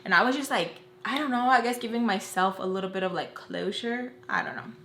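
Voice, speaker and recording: A woman's voice: medium pitch, fairly quick. A woman telling a dramatic personal story in casual, slangy chat, acting out what people said. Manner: animated, slangy storytelling that acts out quoted dialogue; talks while doing her makeup. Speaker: storytime vlogger. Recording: roomy room with faint hum.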